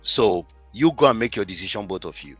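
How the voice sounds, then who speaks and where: A man's voice: fairly low pitch, animated, brisk, breathy edge, soft background music. A man working as a marriage coach tells a client story in a podcast interview, stressing his points by repeating key phrases.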